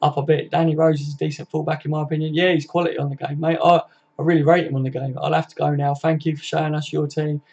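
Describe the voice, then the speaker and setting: A young man chats loosely on a home live stream, swearing and calling everyone "mate". His voice sits a bit high and stays fairly flat in pitch. The audio is dull and lo-fi. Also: quick pace. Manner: chatty, laddish, swears freely, says "mate" a lot. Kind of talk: casual live stream chat reading viewer comments.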